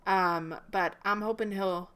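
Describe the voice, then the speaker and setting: A woman's voice: mid-range voice, fairly even intonation, takes it slowly, a bit bright, clean tone. A young woman hosting a movie reaction, chatting casually to her viewers in a slightly subdued way.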